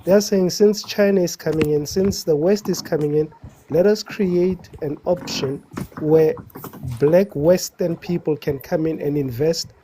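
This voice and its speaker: A man's voice: fairly high pitch, measured pace, mellow, a little hiss or hum. A man on a live online panel who asks the others a question and keeps explaining at length, insisting on finishing. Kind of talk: casual debate.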